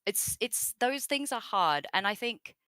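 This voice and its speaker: A woman's voice: mid-range voice, animated, unhurried, sharp tone, clear, resonant tone, no echo. A woman with an Australian accent, a guest in an interview, chatting casually with many fillers and laughs.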